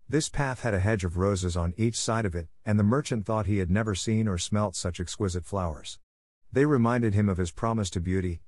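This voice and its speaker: A man narrating a classic fairy tale in a calm, even-paced audiobook reading. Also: sits low, dry recording, clean studio sound. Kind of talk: scripted storybook narration.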